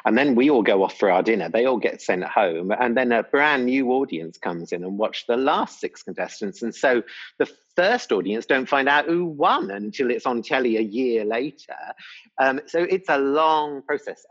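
A man's voice: medium pitch, moderate pace, slightly rough. Chatty man, slightly muffled. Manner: chatty and rambling, with restarts. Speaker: talent show judge. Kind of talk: casual interview anecdote.

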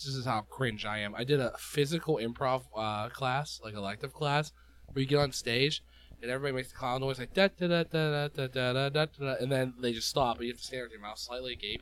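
A man's voice: medium pitch, a little fast, fairly bright tone. A man co-hosting a comedy podcast, rowdy and profane, joking around with friends. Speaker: podcast co-host. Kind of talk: casual chat.

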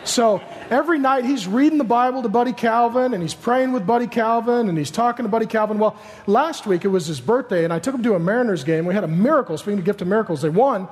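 A pastor in his thirties preaches with a strikingly high voice, acting out the voices in his stories and joking with the crowd. His voice rings out through a large hall with a long echo. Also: fast, slight background noise. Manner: animated storytelling, acts out voices, joking. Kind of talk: sermon.

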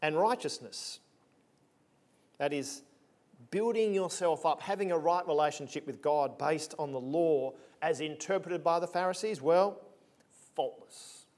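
A man's voice: fairly high pitch, unhurried, a little mellow. Emphatic man preaching. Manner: conversational, emphatic, punchy asides. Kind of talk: sermon.

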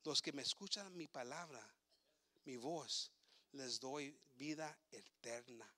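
A man preaching a bilingual sermon, switching between English and Spanish, repeating words as he goes and building up to shouts. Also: medium pitch, measured pace, no echo.

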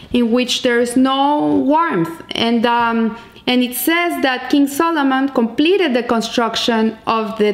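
A woman's voice: fairly high pitch, echoey room. A woman giving a spoken teaching in an explanatory, storytelling manner, often restarting her phrases. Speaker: Jewish teacher. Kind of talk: spoken teaching on the Hebrew calendar.

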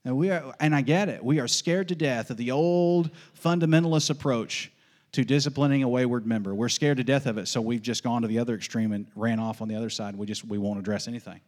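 A man preaching a sermon as pastor, emphatic and folksy, repeating questions and answers in a steady call-and-response rhythm. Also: medium pitch, fast talker. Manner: folksy asides with light laughs.

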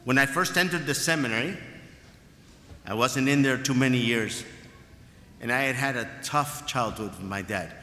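A man's voice: mid-range voice, moderate pace, long pauses, pushed and bright. A man preaching a sermon as a priest, emphatic and fond of repeating his phrases. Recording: echoey hall with long reverb.

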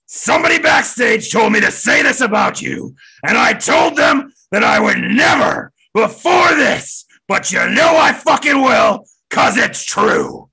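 A hot-tempered old wrestling boss, barks threats in a rough, husky, gravelly voice. It is bright and cutting and swings wildly up and down in pitch. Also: male voice, huge pitch swings, unhurried, few pauses, full character voice. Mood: furious. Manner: profane shouting threats.

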